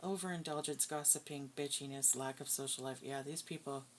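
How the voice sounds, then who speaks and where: A woman's voice: very deep voice, fairly even intonation, a little fast, a little hiss or hum, low-quality recording. A woman giving a casual tarot reading, blunt, profane and scornful. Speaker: tarot reader.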